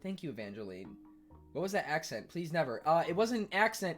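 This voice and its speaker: Animated streamer man answering chat. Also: a little high, faint music behind. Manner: reads chat aloud and answers, eating on stream; defensive, quick to argue. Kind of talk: casual livestream chat.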